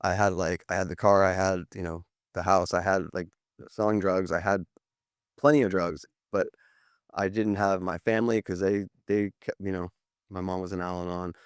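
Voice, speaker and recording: A man's voice: low-pitched, flat delivery, moderate pace, smooth, no echo, studio quality. A man in his thirties, a podcast guest, telling his story in a candid, rambling way with many fillers and restarts. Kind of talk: candid interview talk.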